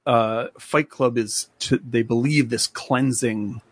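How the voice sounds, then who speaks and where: A man's voice: medium pitch, fairly even intonation, slow pace, breathy edge, dry recording. A man co-hosting a podcast, retelling a film in a rambling, casual way with many fillers. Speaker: podcast co-host. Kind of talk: casual chat, film recap.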